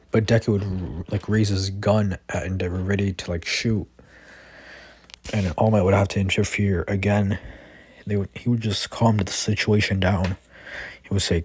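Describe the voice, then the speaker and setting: A man's voice: on the low side, steady tone, measured pace, long pauses, darkish tone, slightly rough, no echo. A man casually improvising a fan-made story, rambling with lots of fillers and restarts.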